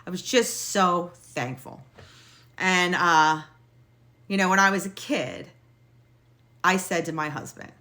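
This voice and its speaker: A middle-aged woman casually telling a personal story in a blunt, lively way, swearing now and then. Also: fairly low pitch, takes it slowly, long pauses.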